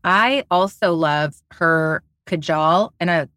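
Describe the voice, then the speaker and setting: A married woman co-hosting a beauty podcast, telling stories and raving about products in an animated, playful way. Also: on the low side, slow pace, no room sound, clean studio sound. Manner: animated storyteller, playful and teasing. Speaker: podcast co-host. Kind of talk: casual beauty podcast chat.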